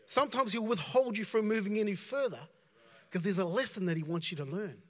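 High-voiced man preaching in a hall. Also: fairly quick, a bit bright. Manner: conversational preaching with repetitions and asides. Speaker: pastor. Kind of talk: sermon.

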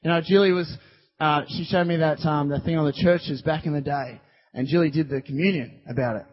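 A man preaching a sermon in a church hall, impassioned, swinging between loud declarations and hushed asides. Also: fairly high pitch, steady tone, fairly quick. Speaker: pastor. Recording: dull recording in a long-reverb hall.

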